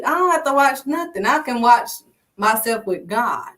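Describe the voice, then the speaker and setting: A woman's voice: on the high side, a little fast, fairly bright tone, recorded from a distance. A woman preaching informally in an emphatic, repetitive, conversational way. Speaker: faith video host.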